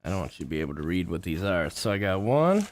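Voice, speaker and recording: A man's voice: sits low, sing-song, fast. A man vlogging in a casual, rambling monologue, swearing freely and getting worked up as he talks. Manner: profane, rambling, gets worked up.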